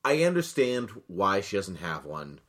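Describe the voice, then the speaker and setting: A man co-hosting a casual podcast, chatty and wry, quick to correct with a fun fact. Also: sits low, sing-song, fairly bright tone. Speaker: podcast co-host.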